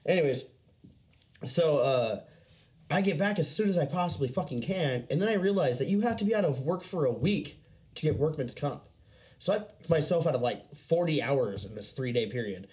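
Young man, casual storyteller, profane and rambling, lively swinging pitch. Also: normal speed. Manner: rambling, profane, laughing often.

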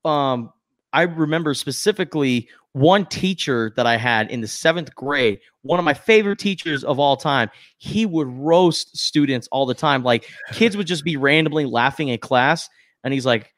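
A man's voice: a little high, normal speed, no echo, studio quality. A man co-hosting a podcast, chatting casually and telling stories with self-deprecating humor. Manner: self-deprecating, animated storytelling. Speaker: podcast co-host. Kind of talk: casual chat.

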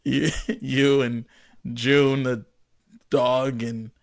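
A man's voice: medium pitch, level tone, drawn-out words, dry recording, clean studio sound. A man chatting casually as a guest, easygoing and laughing along. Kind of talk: casual chat.

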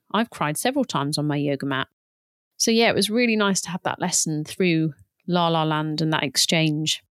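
A woman in her thirties, a yoga teacher, talking gently and candidly about her own experience in an unhurried, reflective way. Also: fairly low pitch, no echo, studio quality. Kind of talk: reflective personal talk.

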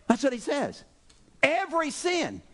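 A male pastor preaching a sermon, animated and exclaiming, acting out voices from the story. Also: very high-pitched, a little slow.

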